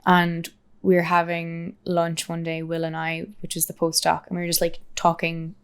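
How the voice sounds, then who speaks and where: Chatty young Irish woman, lowish voice. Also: monotone, moderate pace, clear, resonant tone. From Ireland. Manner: chatty, peppered with "like", laughs often. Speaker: guest. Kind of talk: casual interview chat.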